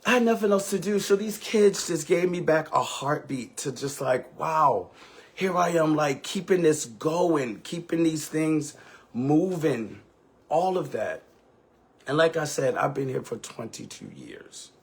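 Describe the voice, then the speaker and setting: This man speaks at a fairly high pitch, animated yet unhurried, with a slight roughness. He is a ballroom house mother sharing a raw, emotional, profane story on a live stream, full of sass and dramatic flair.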